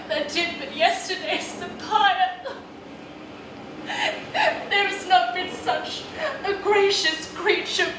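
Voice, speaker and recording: An actress playing a grieving, frantic royal mother half mad with loss, performing classical stage acting in an impassioned way. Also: high voice. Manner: impassioned, swinging between wailing and bitter laughter. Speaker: acting student. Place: rehearsal room. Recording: echoey room taped from far off, noisy.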